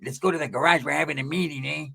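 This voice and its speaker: A man voicing a scheming young male gang kid and bike thief, in a low, laid-back street drawl. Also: very fast, gravelly, sharp tone, husky, dry recording, exaggerated voice.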